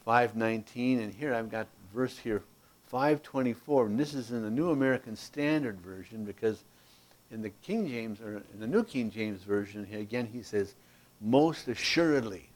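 A man's voice: fairly low pitch, moderate pace. A man teaching a verse-by-verse Bible study, explaining passages and often checking in with "okay?", reading verses aloud with rising emphasis.

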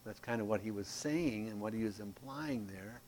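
With a fairly low voice and a moderate pace, a man teaches a Bible class from a handout. He's folksy and spirited, adds playful asides, and swings from emphatic to soft.

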